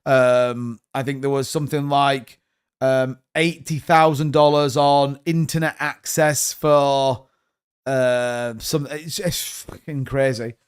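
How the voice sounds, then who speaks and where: A man's voice: medium pitch, level tone, takes it slowly, clean tone. A man in his thirties, hosting a crypto livestream, talking bluntly and rambling, sometimes swearing. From United Kingdom. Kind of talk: casual livestream chat.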